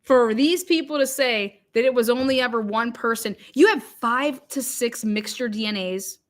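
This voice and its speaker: A woman's voice: fairly high pitch, moderate pace. Angry, profane woman livestreamer. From Ohio. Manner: angry, profane ranting with frequent restarts; reads viewer comments aloud. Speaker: livestream host. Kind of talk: live stream commentary.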